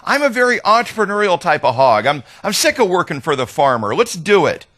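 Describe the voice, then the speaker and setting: A man voicing an eager, entrepreneurial male pig in a joke told during a talk, brisk and keen. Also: sits high, sing-song, sharp tone, dry recording, studio quality, pitched above the performer's own voice, heavily acted.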